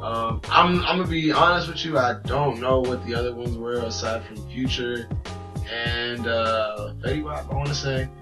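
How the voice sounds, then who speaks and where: A man's voice: mid-range voice, moderate pace, far from the mic, music in the background, rough recording. A man co-hosting a casual podcast, talking loosely and profanely and telling stories with animation. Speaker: podcast co-host.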